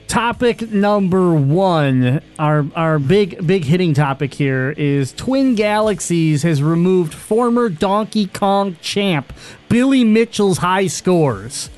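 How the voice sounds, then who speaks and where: A man's voice: high-pitched, lively intonation, slow pace, darkish tone. A man hosting a gaming podcast, reading out news with fillers and joking with his co-host. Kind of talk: casual gaming news chat.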